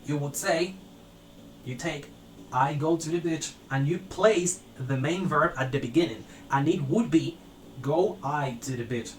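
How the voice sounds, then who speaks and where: A man explains a grammar lesson, breaking sentences into parts and repeating each pattern step by step. His voice sits a little high for a man. The sound is roomy and echoey, with a faint hum behind it. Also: a bit bright. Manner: methodical, repeats structures step by step. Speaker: language teacher.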